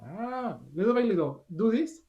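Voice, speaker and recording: A man's voice: high-pitched, animated, measured pace, dull audio. Man, clarinet teacher, masterclass coaching, video call, short encouraging instructions.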